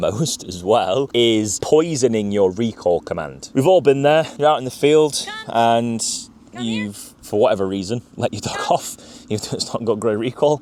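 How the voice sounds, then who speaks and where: A man teaching dog owners in an emphatic, direct way. His voice sits in an ordinary middle register but swings up and down a lot as he drives each point home. He sounds animated throughout. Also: mid-range voice, slight background noise. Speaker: gundog trainer. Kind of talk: instructional talk to viewers.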